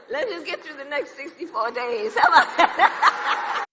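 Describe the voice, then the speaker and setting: High, laughing woman over loud noise. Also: expressive, unhurried. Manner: laughing while speaking. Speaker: politician in a played clip. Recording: clip with loud background noise.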